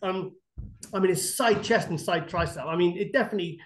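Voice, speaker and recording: A man, a guest on a podcast interview, telling rambling, animated anecdotes full of fillers and restarts. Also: high voice, fairly quick, slight background noise. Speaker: bodybuilding guest expert.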